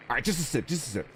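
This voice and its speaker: Rambling, animated young man streaming a game. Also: medium pitch, slight background noise. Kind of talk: casual gaming commentary.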